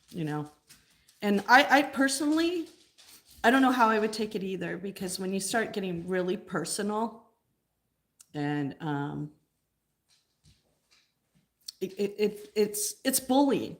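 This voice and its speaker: A woman talking casually on her own live stream, answering viewers' comments between her thoughts. Her voice sits at an ordinary middle pitch, and her delivery is loose and conversational. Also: expressive, measured pace, long pauses. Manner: chatty, answers viewer comments as she talks.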